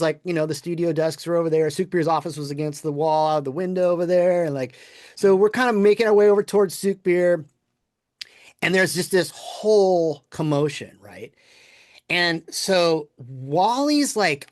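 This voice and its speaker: A man on a podcast telling a lively workplace anecdote in a casual, animated way, often quoting people and laughing. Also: fairly high pitch, normal speed, no echo, studio quality. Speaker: podcast guest, former game producer. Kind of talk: casual storytelling.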